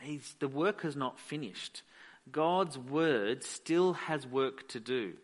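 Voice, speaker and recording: A man's voice: medium pitch, takes it slowly. A man preaching a sermon as pastor, emphatic and repeating phrases for weight.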